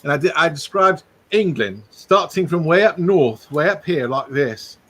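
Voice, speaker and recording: Guy hosting a chill live chat, kinda high voice, animated storyteller, laughs a lot. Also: normal speed. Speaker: host. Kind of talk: casual live-stream chat.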